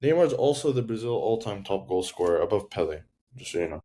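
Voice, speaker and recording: A man's voice: on the low side, expressive, fast, mellow. A man pushing back bluntly and dismissively in a casual football debate on a podcast.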